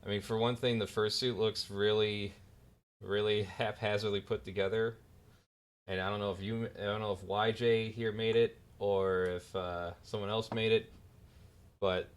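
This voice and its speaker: A man's voice: fairly low pitch, little pitch movement, normal speed. A man casually commenting on online videos, laid-back and teasing, with chuckling asides. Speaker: commentary YouTuber. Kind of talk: casual commentary over clips.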